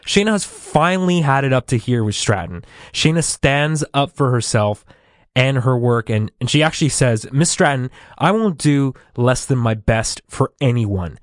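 A man co-hosting a casual chat, recapping plot from his notes in a measured way. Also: medium pitch, dry recording, studio quality. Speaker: podcast co-host.

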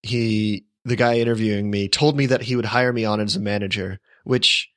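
A man's voice: on the low side, fairly even intonation, moderate pace, a bit bright, no echo, clean studio sound. A young man telling a rambling story in a casual chat, wry and amused. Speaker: podcast co-host.

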